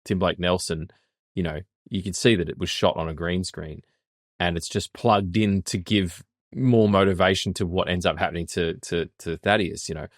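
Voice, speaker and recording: A man with a low voice chats about a film as a podcast guest, circling his points with hesitations and the odd swear. The sound is close and dry. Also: moderate pace, no echo. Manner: rambling, hesitant, frequent fillers and restarts, swears. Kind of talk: casual film review chat.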